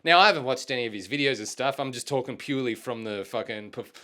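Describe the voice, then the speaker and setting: A man's voice: medium pitch, fast talker, sharp tone. A young man with an Australian accent hosting a casual solo podcast, laid-back and slangy, dropping swear words and plenty of ums. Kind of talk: casual rambling chat.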